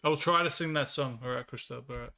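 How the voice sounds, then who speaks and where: A man's voice: mid-range voice, quick pace, vocal fry, pushed and bright. A young Australian man with a Victorian accent chatting casually with viewers on a live stream, laughing often and sounding bemused. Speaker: livestreamer.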